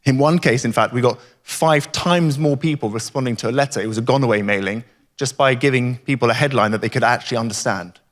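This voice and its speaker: A man's voice: medium pitch, quick pace. A man giving an emphatic, rhetorical conference talk. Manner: emphatic, rhetorical, repeats catchphrases. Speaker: conference speaker. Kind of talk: keynote talk. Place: conference hall. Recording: reverberant hall.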